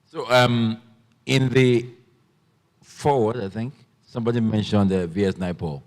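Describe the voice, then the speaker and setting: A man moderating a festival Q&A, asking questions hesitantly with many pauses and restarts. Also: on the low side, steady tone. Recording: long reverb in a large hall.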